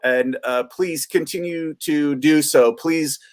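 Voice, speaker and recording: A man's voice: on the high side, takes it slowly. An upbeat man refereeing an online improv show from home over a video call. He keeps the game moving and scatters ums and uhs as he calls on the players. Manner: upbeat, hesitant with many fillers. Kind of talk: live improv game hosting.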